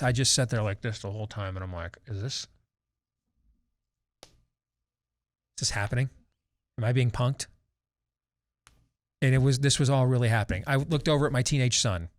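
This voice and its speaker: Sarcastic ranting talk show host man. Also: medium pitch. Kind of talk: opinionated talk show commentary.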